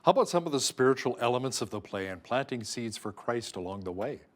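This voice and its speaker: A man's voice: medium pitch, animated, fast talker. A man interviewing an actor for a news program, asking questions in a friendly, conversational way.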